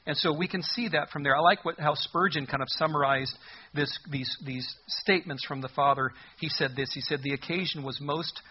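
A man's voice: a little high, fairly even intonation, fairly quick, muffled recording, a little hiss or hum. A man preaching a sermon in a conversational, humorous way, reading scripture aloud. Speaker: pastor.

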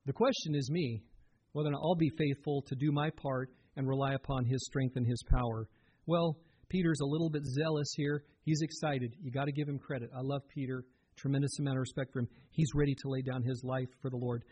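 A man's voice: mid-range voice, steady tone, brisk, darkish tone, slightly rough, dull audio. A man giving a sermon as a pastor, earnest and conversational, often turning to the listeners with direct questions.

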